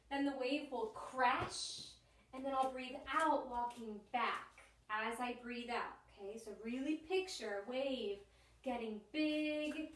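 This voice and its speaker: A woman teaching yoga to children, calm and encouraging, slowing down to guide their breathing. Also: high-pitched. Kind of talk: gentle guided instruction for children. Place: indoor room with a yoga mat. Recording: echoey room, voice a bit far from the mic.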